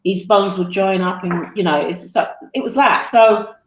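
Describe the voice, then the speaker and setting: A middle-aged woman, a guest on a talk show, tells her son's story haltingly with many fillers. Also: mid-range voice, lo-fi sound, a crowd in the background. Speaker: guest, mother of a man with sickle cell. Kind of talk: emotional interview storytelling. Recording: roomy echo.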